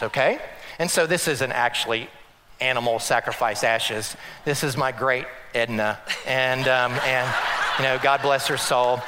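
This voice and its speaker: A man preaching a sermon as a pastor, animated, acting out quotes and mixing in humor. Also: fairly high pitch, big-room sound, a little hiss or hum.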